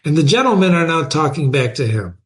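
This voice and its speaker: A man hosting a reading show, reading a novel aloud and pausing to question listeners and explain passages. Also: a little high, sing-song.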